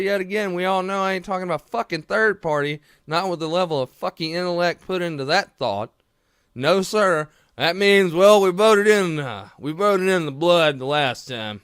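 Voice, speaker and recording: High-voiced man in a profane rant. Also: fairly bright tone, smooth, no echo, studio quality. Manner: heated, profane, rambling rant. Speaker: political commentary vlogger. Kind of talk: profane ranting commentary to camera.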